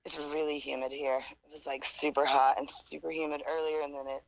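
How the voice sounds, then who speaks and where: A woman from Southwest Missouri chatting casually on a comedy podcast, telling animated stories and swearing freely. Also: low-pitched, brisk, no echo, lo-fi sound.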